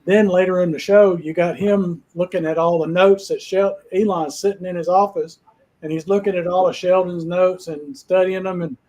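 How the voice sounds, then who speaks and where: A man's voice: high voice, steady tone, normal speed, a little mellow, low-quality recording. A man hosting a casual chat, telling long folksy stories in a rambling way. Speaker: host.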